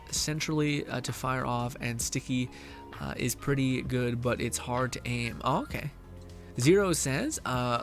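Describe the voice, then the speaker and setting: A man's voice: mid-range voice, a bit bright. A male streamer chatting casually and reading viewer messages aloud, tired and mentally drained, laughing often and swearing.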